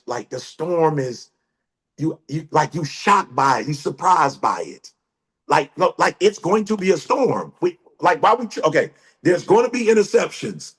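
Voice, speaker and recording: Middle-aged male guest speaker with a high voice, preaches motivation hard, repeats himself, punches up to shouts. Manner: emphatic, repetitive, rising to shouts. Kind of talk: motivational sermon.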